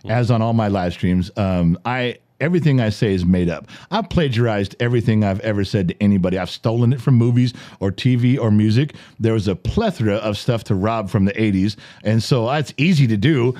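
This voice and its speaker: A man's voice: lowish voice, a little fast, hardly any pauses, mellow. A man in his fifties hosting a podcast, telling stories in casual chat, swearing and laughing often. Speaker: podcast host.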